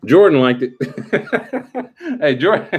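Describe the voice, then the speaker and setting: A man casually chatting with his livestream viewers, joking around and breaking into quick impressions. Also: on the high side, animated, a little hiss or hum.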